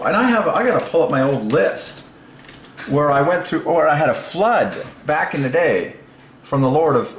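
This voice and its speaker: A man hosting his own channel, talking alone in a casual, excited way, musing aloud and laughing to himself, recorded on a lapel mic. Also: medium pitch, echoey room, a little hiss or hum, low-quality recording. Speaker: religious channel host. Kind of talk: solo casual commentary.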